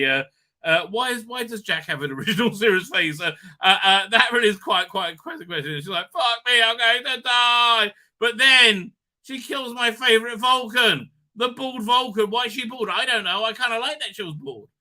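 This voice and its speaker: A man's voice: sits high, bright, forceful tone. A man hosting a casual live recap stream, rambling with lots of fillers and cheerful swearing.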